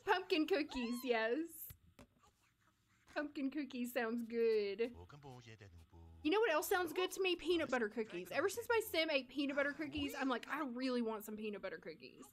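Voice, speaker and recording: American woman, game streamer, high lively voice, chatty and laugh-prone. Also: measured pace, long pauses. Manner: giggly, chatty, reads and answers chat. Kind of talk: casual live-stream commentary.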